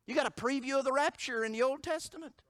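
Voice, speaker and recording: A man preaching a sermon as pastor, moving from loud emphatic declarations to hushed storytelling. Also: very high voice, fast, no room sound, studio quality.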